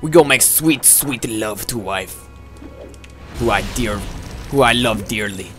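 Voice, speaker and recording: A man voicing a bawdy, comic Russian character in a deliberately poor fake Russian accent and broken phrasing while playing a video game. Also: lowish voice, music in the background, voice pushed down, natural voice. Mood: mock romantic. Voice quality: broken, exaggerated put-on accent.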